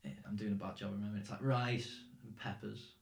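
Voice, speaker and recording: A man's voice: on the low side, level tone, quick pace, creaky, reverberant. A young Northern English man chatting casually as podcast host, rambling and swearing freely. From England. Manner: rambling, swears, laughs often. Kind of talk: casual chat.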